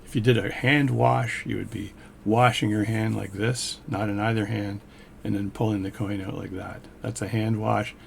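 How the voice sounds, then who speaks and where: A man's voice: lowish voice, fairly even intonation, normal speed, vocal fry, slight background noise. A man, an amateur magician, casually teaching a coin trick step by step as he demonstrates. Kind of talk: casual hands-on tutorial.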